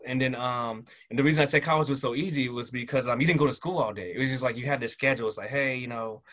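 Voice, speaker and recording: A middle-aged man telling stories from his past in a relaxed, rambling way, full of fillers and restarts. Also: medium pitch, fast talker. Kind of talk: casual interview storytelling.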